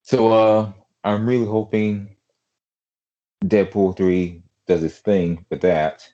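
A man's voice: lowish voice, level tone, slow, warm tone, muffled recording. A man hosting a podcast in casual chat, rambling with lots of fillers and restarts over an online call. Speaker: podcast host.

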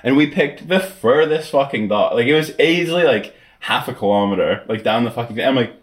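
A man's voice: mid-range voice, expressive, a little fast. Swearing young man telling a story. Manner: swears a lot, laughs through story. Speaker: podcast co-host. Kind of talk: casual chat, storytelling.

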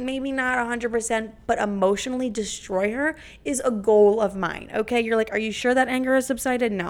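A young woman hosting a podcast, talking in a brash, profane, dramatic way. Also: medium pitch. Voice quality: creaky. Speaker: podcast host. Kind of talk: casual podcast monologue.

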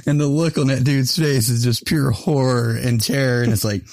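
A man's voice: mid-range voice, steady tone, moderate pace, darkish tone. A man hosting a podcast in loose, profane casual chat, laughing often between his words. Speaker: podcast host.

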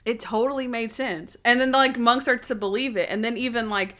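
A young woman in casual chat, recapping a TV episode, acting out scenes in quick voices and laughing often. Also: a little high, steady tone, sharp tone.

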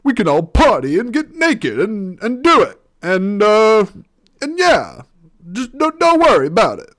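A man doing a booming, high-pitched rebel leader. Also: huge pitch swings, unhurried, heavily acted. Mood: rousing. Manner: shouty speech-making delivery, much higher than usual.

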